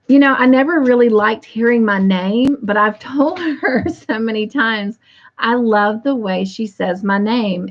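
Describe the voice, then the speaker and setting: A woman's voice: medium pitch, muffled recording. A woman hosting a casual livestream, reading viewer comments aloud in an affectionate way. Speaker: livestream host.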